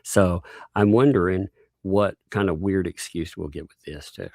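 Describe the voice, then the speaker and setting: Deep-voiced man reading court papers with asides. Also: normal speed, darkish tone, no room sound, clean studio sound. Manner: reads court documents aloud with frequent laughs and asides. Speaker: livestream host. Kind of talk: casual livestream chat.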